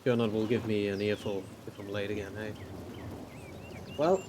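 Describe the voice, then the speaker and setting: Brief: man voicing a polite young monastery artist, game dialogue read flat and natural. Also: lowish voice, normal speed, background noise, natural voice. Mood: calm. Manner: reading game dialogue aloud in a plain voice. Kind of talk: reading game dialogue aloud.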